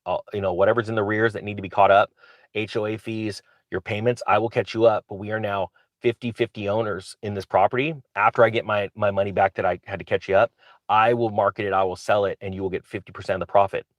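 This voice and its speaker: A low-pitched man talks to camera like a channel host, eager and rambling, often stopping to restart his sentences. The sound is close and dry, with no room echo. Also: flat delivery, fast talker. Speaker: real estate investor and channel host. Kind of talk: casual talk to camera.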